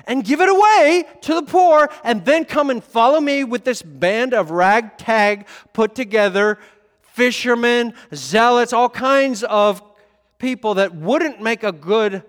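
A man's voice: very high-pitched, in a large hall, pitched above the performer's own voice. A man voicing Jesus as an earnest, direct teacher urging a listener.

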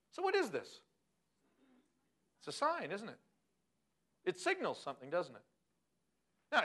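Animated man preaching with lively pitch. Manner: animated, asks the audience questions. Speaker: pastor. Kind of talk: sermon.

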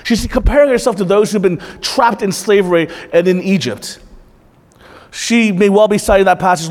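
A man's voice: high voice, normal speed, darkish tone. A male pastor preaching a sermon in a church, earnest and direct, often putting questions to the congregation. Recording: reverberant church hall.

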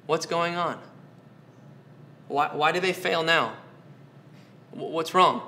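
A man's voice: on the high side, slow pace, sharp tone. A man preaching a sermon, earnest, asking his listeners question after question and repeating phrases for emphasis. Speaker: pastor.

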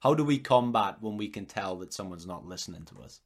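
A man's voice: lowish voice, lively intonation, a little fast. A man hosting a podcast over a video call, asking thoughtful, probing questions in a casual way. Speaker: podcast host. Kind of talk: casual interview talk.

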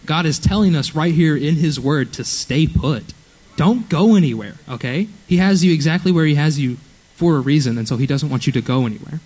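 A man's voice: a little high, a little fast, darkish tone, slightly rough, poor audio. Earnest young man preaching a youth sermon. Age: young adult. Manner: earnest, conversational, frequent "okay?" check-ins. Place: church youth service.

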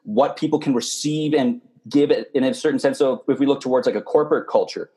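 A man hosting a casual podcast, rambling and halting as he asks questions and plays devil's advocate. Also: mid-range voice, warm tone. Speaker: podcast host.

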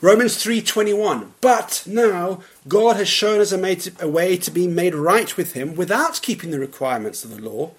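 A man's voice: sits high, lively intonation, normal speed, few pauses. Earnest preaching man. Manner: earnest, emphatic preaching with soft laughs and quiet drops at phrase ends. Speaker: pastor. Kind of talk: sermon. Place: church.

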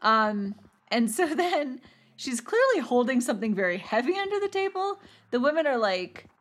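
Giggly, animated woman recapping a show. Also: high-pitched, normal speed. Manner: animated, giggly, jokey storyteller. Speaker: podcast host recapping a TV episode. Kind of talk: casual chat.

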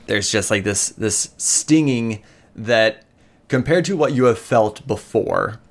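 As game master for a tabletop session, a fairly low-pitched man narrates in an animated yet casual, halting way, peppering his speech with fillers.

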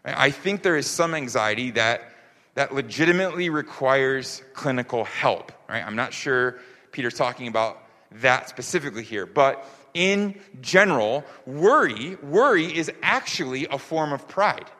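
A man's voice: mid-range voice, expressive, moderate pace, bright, forceful tone. A man preaching a sermon, emphatic, asking rhetorical questions of the congregation. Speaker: pastor. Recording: long hall reverb.

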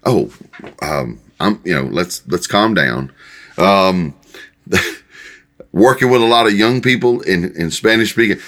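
An older male pastor speaks in a loose, conversational sermon style, stopping and restarting his phrases often. His voice sits fairly low but has a bright, forceful edge. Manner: folksy, halting, many restarts and fillers. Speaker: pastor and Bible teacher.

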